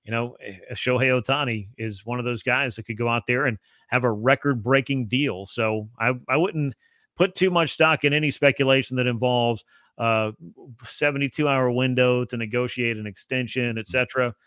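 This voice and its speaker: A man's voice: medium pitch, moderate pace, fairly bright tone, no echo. A man who is a guest analyst on a sports podcast, explaining at length in a fluent, casual way.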